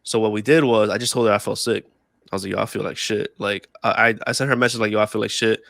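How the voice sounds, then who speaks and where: A man's voice: lowish voice, steady tone, fast talker, gravelly, fairly bright tone, dry recording, clean studio sound. A young man casually telling a story on a podcast, laughing often, swearing freely and repeating himself. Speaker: podcast co-host.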